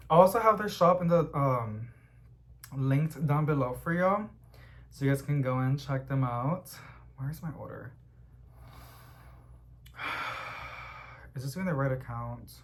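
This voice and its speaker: A young man chatting casually at home about plants he is unboxing, rambling and getting excited as he goes. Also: medium pitch, a little hiss or hum. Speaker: plant vlogger.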